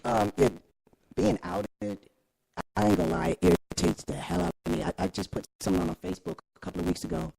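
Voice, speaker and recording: A man's voice: sits high, fast, vocal fry, no room sound, rough recording. A young man, a guest actor and filmmaker, talking candidly in a casual chat, emphatic with lots of laughs and slang. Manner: animated, emphatic, laughs often, street slang.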